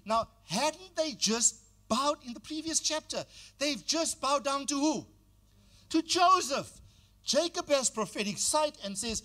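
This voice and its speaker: A man's voice: extremely high pitch, lively intonation, normal speed, sharp tone. An older man preaching a sermon as pastor, exhorting the congregation and calling on them to repeat phrases.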